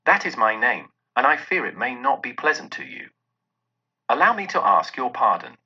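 A man's voice: medium pitch, very animated, moderate pace, pushed and bright, slightly rough, muffled recording, full character voice. A man putting on an overjoyed old miser turned kind. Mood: joyful. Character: elderly man, newly joyful and generous.

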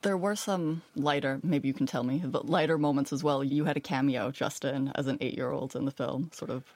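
Gravelly interviewer man, curious tone. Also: mid-range voice, fairly even intonation, fairly quick. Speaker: interviewer host. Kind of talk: interview questions.

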